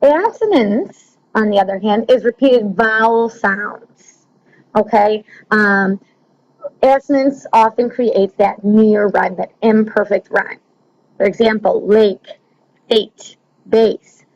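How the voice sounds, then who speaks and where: Taking it slowly, a woman with a medium-pitched, darkish, steady voice leads students through a recorded lesson step by step. She often says "um" and makes sure they are following. Sound quality is slightly dull and lo-fi.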